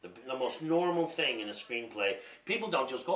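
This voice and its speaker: Swearing, animated man in his fifties. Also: medium pitch, brisk. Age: 50s. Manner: profane, rambling, animated storytelling. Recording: roomy and distant from mic.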